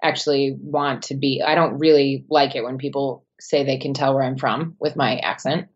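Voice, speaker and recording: A young woman from Wisconsin with a softened Midwestern American accent, chatting casually with many fillers and laughs. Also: steady tone, normal speed, husky. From Wisconsin, United States. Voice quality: low-pitched voice. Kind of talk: casual chat. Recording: dull, muffled sound.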